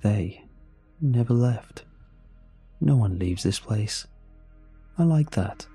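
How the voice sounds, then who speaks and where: An eerie, inhuman creature, voiced by a man in a horror story reading, gentle and coaxing yet quietly possessive. The tone is mellow and dark, with soft music faintly underneath. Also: mid-range voice, animated, slow, breathy edge, heavily acted.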